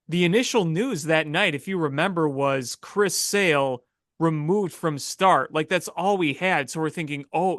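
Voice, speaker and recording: Sports podcast co-host, casual chat, animated, incredulous, dry close mic. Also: medium pitch, dry recording.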